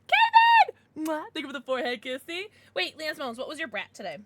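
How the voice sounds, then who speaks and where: Excitable high-voiced woman streamer. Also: fast talker, heavy background noise. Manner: excitable, shrieks and laughs; chatty, swears, thanks chat. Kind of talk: live gameplay commentary.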